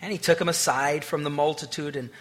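A male pastor preaching a sermon, swinging between loud declarations and hushed, intimate lines and acting out the voices in his stories. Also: a little high, fairly even intonation, fairly quick. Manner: acts out quoted voices.

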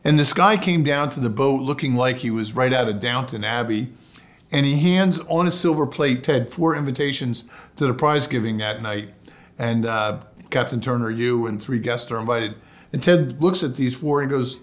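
Man, guest on an interview, relaxed storyteller, mid-pitched voice, steady delivery. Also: moderate pace. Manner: relaxed anecdotal storytelling, acts out quotes. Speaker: guest, sailor and sailing commentator.

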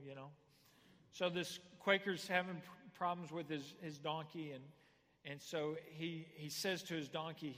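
A man in a pastor's role delivers a sermon in a church sanctuary, his voice sitting somewhat high and carrying a long echo through the hall. He tells stories with humor, dropping low for asides and rising loud for the punchlines. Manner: storytelling, swings from quiet asides to loud punchlines.

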